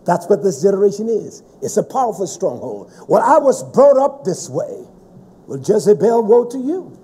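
A man preaching a fiery sermon, forceful and scolding, with heavy emphasis. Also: high voice, big pitch swings, normal speed, breathy edge.

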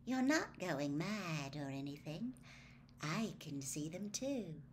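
Woman reading as a dreamy teenage witch girl, soft, calm, slow and unbothered. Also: low-pitched, a little hiss or hum, exaggerated voice.

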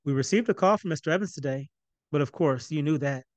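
A man's voice: on the high side, fast talker, dry recording, natural voice. A man reading a cool, exacting mother.

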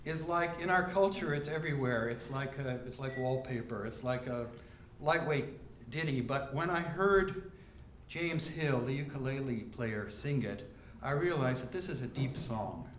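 A man introducing a song in a musing, halting way, repeating himself as he searches for words. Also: mid-range voice, slight background noise. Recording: roomy echo with guitar playing.

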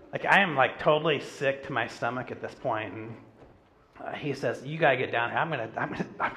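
A middle-aged pastor preaches in a relaxed, chatty way, telling a story on himself with plenty of "like" and "you know". His voice is bright and ringing. A faint hum of the room sits behind him. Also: mid-range voice. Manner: conversational, self-deprecating storytelling with frequent "like". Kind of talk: sermon with personal stories. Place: church sanctuary.

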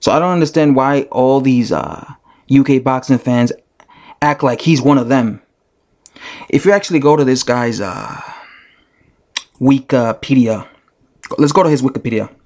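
A man's voice: medium pitch, expressive, normal speed, pauses often, a little mellow. A man ranting in a commentary vlog, talking straight to his viewers and hammering the same point again and again. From United States. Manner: argumentative, repetitive, addresses viewers directly. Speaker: vlogger.

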